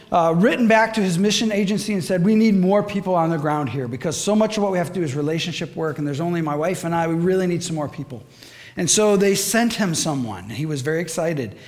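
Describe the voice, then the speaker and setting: A man delivers a lively sermon with a bright, high-pitched voice. He talks with the congregation, pausing to ask them questions and breaking into acted-out voices when he tells stories. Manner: animated, asks the audience questions, acts out voices in stories. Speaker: preacher.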